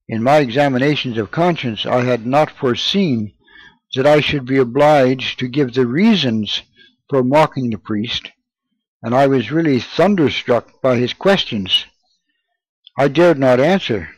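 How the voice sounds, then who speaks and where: A man reading a first-person memoir aloud in a measured, deliberate way. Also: mid-range voice, slightly rough, dry recording, low-quality recording. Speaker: audiobook narrator. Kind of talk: scripted memoir narration.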